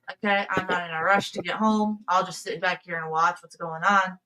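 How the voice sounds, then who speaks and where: A woman's voice: mid-range voice, normal speed, few pauses, fairly bright tone, a little hiss or hum, low-quality recording. A woman hosting a casual livestream, telling rambling stories and laughing often. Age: adult, past high school. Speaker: livestream host. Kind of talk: casual chat with viewers.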